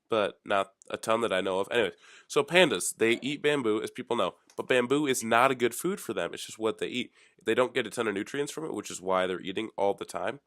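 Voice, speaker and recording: A young man with a fairly low voice muses aloud on his own show in a loose, rambling way. His delivery is offhand and deadpan, with jokes thrown in. The sound is close and dry, with no room around it. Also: no echo. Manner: offhand, deadpan, jokey musings. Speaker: podcast host. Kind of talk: rambling solo chat.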